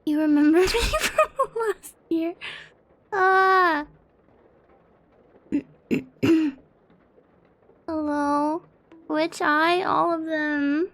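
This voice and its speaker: A woman's voice: extremely high pitch, extremely slow, long pauses, fairly bright tone. A young woman live-streaming in casual chat, nervous, giggly and apologetic, shaky and near tears. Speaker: livestreamer.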